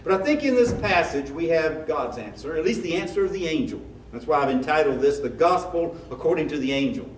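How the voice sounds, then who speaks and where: A man's voice: fairly high pitch, expressive, a little fast, hardly any pauses, slight background noise. A man preaching a sermon as a pastor, in a conversational style with rhetorical questions. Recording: echoey room, mic at a distance.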